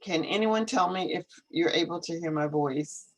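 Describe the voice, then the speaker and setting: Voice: mid-range voice, moderate pace, low-quality recording. An English teacher hosting a casual live stream over a video call, thinking aloud and repeating questions while fixing the setup. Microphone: computer video call.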